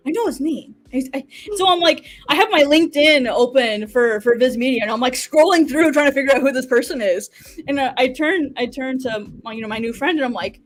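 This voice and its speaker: High-voiced American woman telling a story. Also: fairly quick, soft background music. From United States. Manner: animated, filler-heavy, laughs often. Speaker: guest manga artist. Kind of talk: casual interview storytelling.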